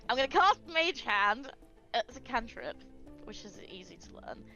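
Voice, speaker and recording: A woman's voice: fairly high pitch, normal speed, lo-fi sound, music in the background. A woman playing a tabletop game in casual, giggly chat. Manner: giggly, lively. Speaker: player.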